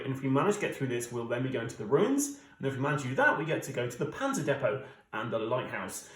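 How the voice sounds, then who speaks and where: A man's voice: mid-range voice, reverberant, rough recording. A British man in his thirties hosting a solo board game playthrough, chatting casually to viewers with many fillers. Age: 30s. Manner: chatty, lots of fillers, talks straight to viewers. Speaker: board game channel host.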